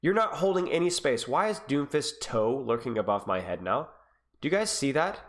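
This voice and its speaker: A man's voice: big pitch swings, moderate pace, a bit bright. Exasperated man coaching over gameplay. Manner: exasperated, teasing, rises higher when frustrated. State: sick. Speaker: game coach. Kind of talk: gameplay review commentary.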